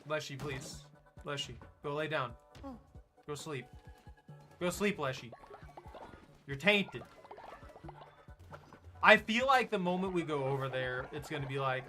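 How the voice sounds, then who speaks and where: Male let's play creator, high and very bright voice, chatty joking reactions. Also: expressive, a little slow, pauses often, faint music behind. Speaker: gaming video creator.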